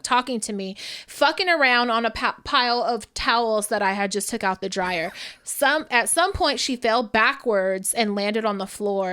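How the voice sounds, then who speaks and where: A woman co-hosting a podcast, telling a story casually and with energy, swearing often and acting out what people said. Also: fairly high pitch. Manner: animated, profane storytelling with acted-out quotes. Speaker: podcast co-host.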